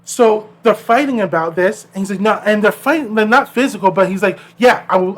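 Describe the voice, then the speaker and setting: A man's voice: high voice, a little fast, few pauses. A man co-hosting a podcast, telling stories in casual chat and acting out the people in them. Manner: animated storyteller acting out quoted people. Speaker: podcast co-host.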